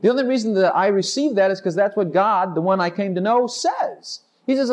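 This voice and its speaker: A male preacher delivering a sermon with bubbling, exuberant energy. His voice sits high and leaps wildly up and down as he piles on rapid declarations, now and then slipping into a sung line or a laugh. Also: very animated.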